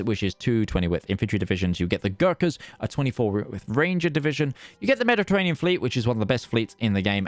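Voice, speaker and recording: A man giving live esports commentary, chatty and excitable, full of fillers and restarts. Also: fairly low pitch. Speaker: esports caster.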